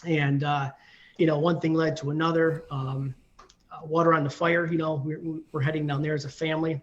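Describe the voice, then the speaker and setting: A man's voice: a little high, level tone, a little fast. Rambling guest man, muffled audio. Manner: rambling, many ums and you-knows. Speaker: firefighter guest. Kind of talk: casual interview storytelling.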